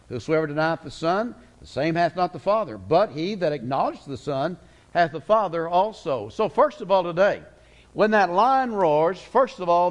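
A middle-aged man preaching a folksy, emphatic sermon as a guest preacher in a church. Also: fairly high pitch. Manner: folksy, emphatic, slows words for weight. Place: church sanctuary.

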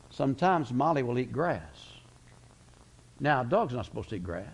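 A man preaching a sermon, folksy and storytelling, slowing down for emphasis then speeding up. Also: mid-range voice, vocal fry, low-quality recording. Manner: folksy storytelling preacher, pace swinging slow and fast.

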